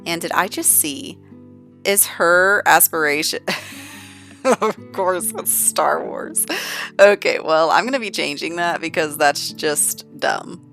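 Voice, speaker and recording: A woman's voice: on the low side, slow pace, a bit bright, faint music behind. A young woman giving chatty, bubbly commentary as she plays a life-sim game. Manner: chatty, bubbly, filler-heavy. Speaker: game let's-play host. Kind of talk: casual gameplay commentary.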